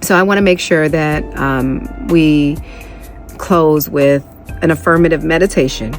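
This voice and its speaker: Emotional woman podcast host, lowish voice. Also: unhurried, faint music behind. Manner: heartfelt, conversational, addresses listeners as y'all. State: emotional, on the edge of tears. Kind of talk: emotional personal podcast talk, then guided meditation.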